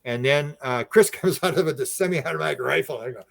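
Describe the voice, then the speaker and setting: A man with a slightly high, creaky voice, a UFO researcher appearing as a podcast guest, tells a story casually and with animation. He acts out quoted speech in a raised voice, but his delivery is halting, with frequent restarts and repeated words.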